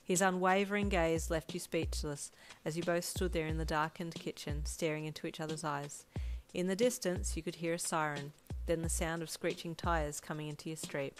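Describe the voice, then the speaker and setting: A woman narrating a second-person fanfiction audio story in a steady, even storytelling voice. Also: low-pitched, normal speed, few pauses. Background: faint lo-fi drum loop music.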